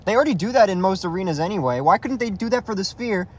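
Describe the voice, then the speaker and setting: Heated high-voiced man ranting. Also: expressive, fast. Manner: profane, repeats and restarts himself, calls listener dude. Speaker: YouTuber ranting about MMA. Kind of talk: heated casual rant.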